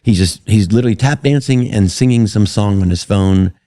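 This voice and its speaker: A middle-aged man, a comedian guest, telling animated, profane stories with laughs in casual chat. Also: on the low side, a little fast, dry recording, studio quality. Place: live show venue.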